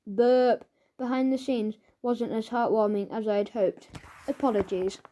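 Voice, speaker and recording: A woman narrates a children's audiobook in a playful, lively manner. She gives the sound effects their own little voice. Her tone is mellow and sits a little high. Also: moderate pace, a little hiss or hum.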